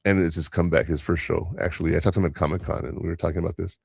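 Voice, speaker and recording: A man's voice: deep voice, fairly even intonation, vocal fry, a little mellow, slightly rough, dry recording, studio quality. An older man, a comedian hosting a podcast, telling rambling stories in casual chat. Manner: rambling storyteller, quick asides. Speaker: podcast host and stand-up comedian.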